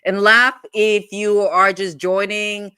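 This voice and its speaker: A woman's voice: medium pitch, little pitch movement, slow pace, sharp tone, clean tone. A woman hosting a legal commentary livestream, rambling and digressive in casual talk, breaking into laughs often.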